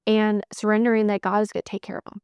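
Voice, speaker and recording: A woman's voice: medium pitch, level tone, fast, a little mellow, clear, resonant tone, no room sound. Woman, motivational talk, candid, emphatic, repeats herself, dry close sound. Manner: emphatic, repeats phrases in bursts; candid, swears casually. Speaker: sales coach podcast host.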